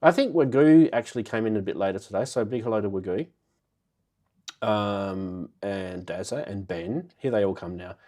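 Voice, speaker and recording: A man's voice: lowish voice, moderate pace, warm tone. Nasal-sounding man with a cold. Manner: chatty, laughs often, greets viewers by name. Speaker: host of a live synth show. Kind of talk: casual live-stream chat.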